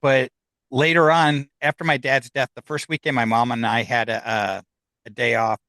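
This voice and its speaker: A man's voice: medium pitch, level tone, moderate pace, pushed and bright, dry recording. A middle-aged American man, a guest, telling a long personal story casually and acting out what other people said. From United States.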